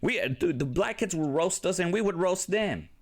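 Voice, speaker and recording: A man's voice: sits high, moderate pace. A young man giving blunt, profane reaction commentary, ranting casually as he reacts to clips. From Mexican-American, grew up near a casino. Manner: blunt and profane, animated rants.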